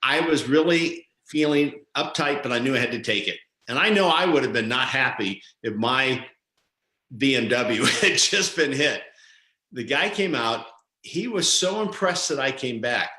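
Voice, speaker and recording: A man co-hosting a talk show, telling a story in a lively way and acting out the people in it. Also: medium pitch, unhurried, echoey room. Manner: animated storyteller, acts out quoted voices. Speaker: co-host.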